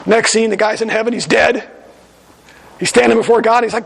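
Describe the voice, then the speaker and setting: A man's voice: high-pitched, steady tone, brisk, vocal fry, in a large hall, rough recording. A male pastor preaching a sermon in a conversational, storytelling manner in a church sanctuary.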